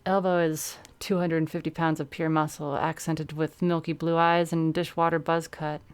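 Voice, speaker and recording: Female streamer narrating a first-person story; low, smooth, with casual asides. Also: flat delivery, moderate pace. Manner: breaks off to laugh and comment. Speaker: streamer reading a story aloud.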